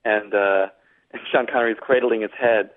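A man's voice: lowish voice, steady tone, moderate pace. A man from Boston, an author and guest, talking thoughtfully with many restarts over a tinny phone line. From Boston, United States. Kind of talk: casual interview conversation.

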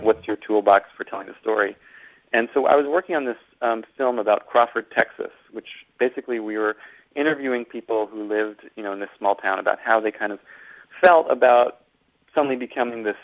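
A man from Boston, an author and guest, talking thoughtfully with many restarts over a tinny phone line. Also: on the low side. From Boston, United States. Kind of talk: casual interview conversation.

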